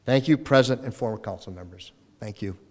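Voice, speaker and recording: Folksy older-sounding mayor in a reverberant hall. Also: male voice, mid-range voice, a little fast. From Minnesota. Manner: folksy storytelling, acts out voices in anecdotes. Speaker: retiring mayor. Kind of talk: farewell speech. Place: council chamber in city hall. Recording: long reverb of a council chamber.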